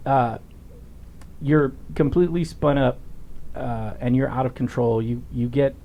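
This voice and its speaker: A middle-aged man hosting a podcast interview, telling stories in a blunt, profane, animated way. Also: mid-range voice, a little slow, dull audio. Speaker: podcast host, former police officer. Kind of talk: casual storytelling interview.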